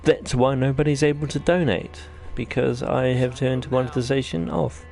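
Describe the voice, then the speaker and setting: A man from New Zealand with a New Zealand accent, talking through his gameplay in a rambling, self-deprecating way. His voice sits at a middle pitch with a gravelly, fry-edged texture. Faint game music plays underneath. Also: fairly even intonation, normal speed, a little mellow. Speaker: gaming channel host. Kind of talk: let's-play commentary.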